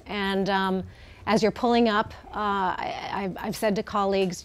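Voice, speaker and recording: A woman's voice: mid-range voice, normal speed, a bit bright. A middle-aged woman, the head of an animal welfare group, speaking as a guest in a live TV interview in a heartfelt way, with many fillers and restarts.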